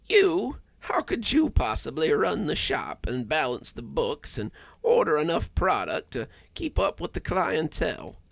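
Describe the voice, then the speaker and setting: A man voicing a frail, sickly old widow in a storybook reading, speaking slowly in a raspy, wheezing voice. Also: a little high, sing-song, a bit bright, no echo, voice pushed up, heavily acted. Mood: teasing. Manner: slow, drawn-out delivery. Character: frail, sickly old widow who runs a shop, stubborn and proud.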